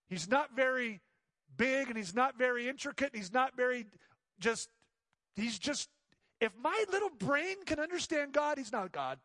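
Male pastor, higher voice, dry close sound, animated sermon storyteller who acts out quotes. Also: no echo. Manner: drops to soft pleading tones.

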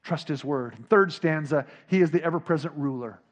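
A man preaching a sermon, dropping to a hush and then rising to near shouts as he acts out scripture. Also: a little high, brisk, lo-fi sound. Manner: dramatic, swinging from hushed to shouting. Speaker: pastor.

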